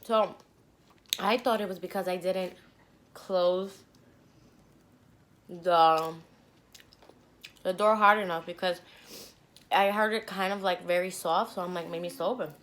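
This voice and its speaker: Blunt, animated young woman telling a story. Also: on the low side, slow pace, long pauses. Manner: animated, blunt, swears freely. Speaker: mukbang vlogger. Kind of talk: storytime chat while eating.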